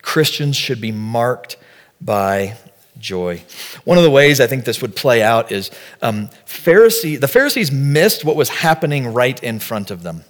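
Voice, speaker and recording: A man's voice: medium pitch, sing-song, unhurried. A middle-aged male pastor giving a conversational sermon that builds to fervent emphasis. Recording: long hall reverb.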